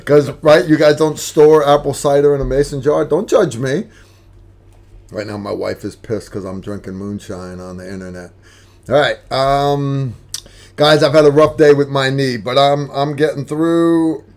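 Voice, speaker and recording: A man's voice: mid-range voice, a little slow. A middle-aged American man hosting a casual livestream, joking with a friend and answering viewer questions. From United States. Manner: joking, relaxed banter with a friend. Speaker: livestream host.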